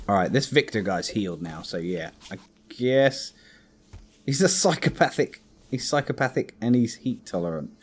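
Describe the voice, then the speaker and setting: A man giving casual gameplay commentary as a let's play host, thinking aloud and chatting to his game characters. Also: lowish voice.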